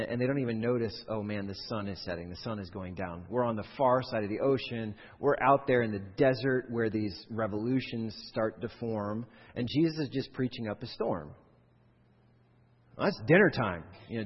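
A pastor preaching a sermon, animated, acting out quoted voices and rising sharply in pitch and volume at his high points. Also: husky. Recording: dull lo-fi recording with long hall reverb.

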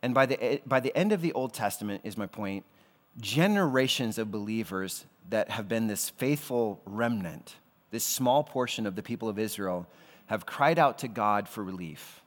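A man's voice: fairly low pitch, lively intonation, moderate pace, big-room sound. A man preaching a sermon as a pastor, talking in a casual, conversational way with slangy asides.

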